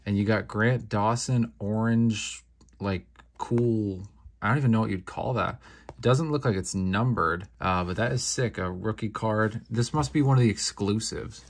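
A young man hosting a casual card-opening video, talking in a laid-back, slangy way with quick bursts of excitement. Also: fairly low pitch. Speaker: card-opening channel host. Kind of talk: casual unboxing commentary.

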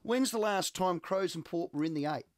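A man with an Australian accent, co-hosting a sports radio show in lively, teasing banter. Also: high voice, moderate pace, no room sound. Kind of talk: casual radio sports chat.

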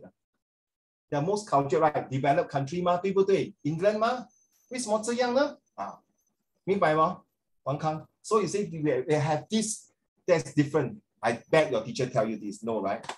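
Animated Singaporean man teaching a class. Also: on the high side. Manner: animated, code-switching, questions students by name. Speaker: tutor. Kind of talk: online class lesson.

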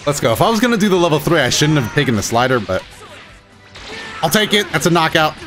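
A man giving live commentary on his own fighting-game matches, excitable, swinging between muttering and shouting, his throat a bit rough. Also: fairly high pitch, fast, faint music behind. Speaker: gaming YouTuber.

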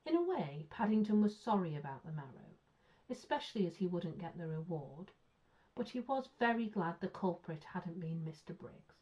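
A woman teacher reading a children's story aloud with clear, expressive storytelling. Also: fairly low pitch, normal speed. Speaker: primary school teacher. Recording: muffled lo-fi sound.

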